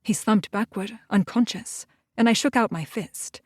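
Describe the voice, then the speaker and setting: A woman giving a steady first-person audiobook narration. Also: medium pitch, unhurried, no room sound, studio quality.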